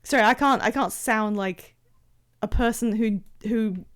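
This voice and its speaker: A woman's voice: on the high side, a little slow. A woman streamer chatting casually while playing a game, rambling with many fillers and restarts.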